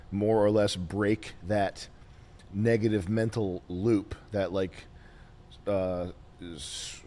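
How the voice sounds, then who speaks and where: A man's voice: lowish voice, darkish tone. A man hosting a podcast in crude, blunt, rambling casual chat. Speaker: podcast host.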